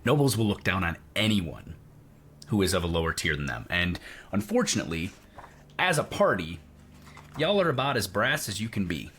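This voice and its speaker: A man running a tabletop game, his pitch swinging up and down as he narrates. He drops into quick voices for the people at the inn, with a faint hum of room ambience behind him. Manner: lively, shifts into character voices for townsfolk. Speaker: game master.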